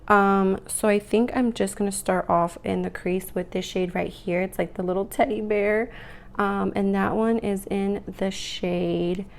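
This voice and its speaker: A young woman chatting casually while doing her makeup, rambling with lots of fillers, her voice rough from the morning. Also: mid-range voice, a little mellow. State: morning voice, clearing throat. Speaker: beauty vlogger. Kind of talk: casual get-ready-with-me chat.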